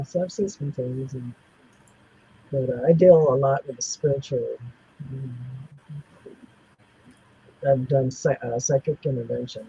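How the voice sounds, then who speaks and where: A man's voice: mid-range voice, dark tone, lo-fi sound, slight background noise. A man in his seventies tells personal stories as an interview guest, rambling with many restarts and fillers. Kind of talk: personal storytelling in a casual interview.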